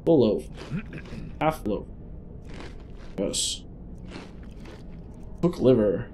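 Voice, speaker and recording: A man's voice: fairly low pitch, sing-song, drawn-out words, mellow, slight background noise. A man hosting a gaming channel, thinking aloud in chatty let's play commentary as he plays.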